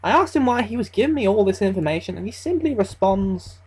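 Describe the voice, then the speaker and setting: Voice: medium pitch, expressive, fast, darkish tone, breathy edge, rough recording. A narrator telling a first-person horror story in a casual, conversational way, swearing freely as they go. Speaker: creepypasta narrator.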